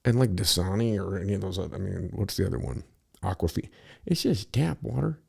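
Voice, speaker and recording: A man's voice: low-pitched, fast, vocal fry, darkish tone, slightly rough. A man telling a long, rambling story in casual talk, profane and easily sidetracked.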